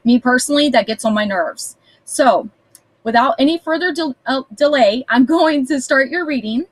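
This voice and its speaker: A woman's voice: high-pitched, normal speed, dry recording, rough recording. A woman giving a casual tarot reading to camera at home, chatty and blunt, swearing now and then. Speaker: tarot reader. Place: small house, indoors.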